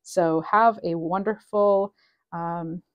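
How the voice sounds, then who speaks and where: A woman's voice: lowish voice, fairly even intonation, slow, clear, resonant tone, muffled recording. A woman giving a casual, channeled tarot reading, chatty and meandering with frequent ums, reading card messages aloud. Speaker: tarot reader.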